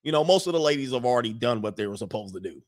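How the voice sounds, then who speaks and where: A man's voice: medium pitch, expressive, rapid-fire. A man hosting a casual livestream, teasing and boastful in tone, who laughs often as he talks. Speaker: YouTube livestream host.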